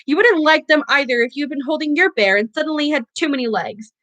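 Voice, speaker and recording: A woman voicing a nervous, stubborn teenage wizard boy who speaks tensely and gruffly in a storybook reading. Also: high voice, fast talker, fairly bright tone, pitched above the performer's own voice.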